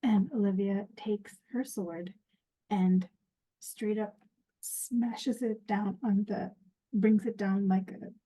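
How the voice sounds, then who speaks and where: Hesitant woman player, slow and husky. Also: medium pitch, dark tone, low-quality recording. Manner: slow, hesitant, thinking aloud. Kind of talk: casual game table chat.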